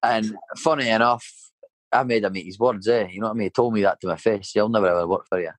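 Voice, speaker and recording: A man's voice: lowish voice, steady tone, fast, no room sound, poor audio. A Scottish man in his thirties, a painter and decorator, telling a rambling story in casual chat and filling it with "mate" and "you know". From Scotland.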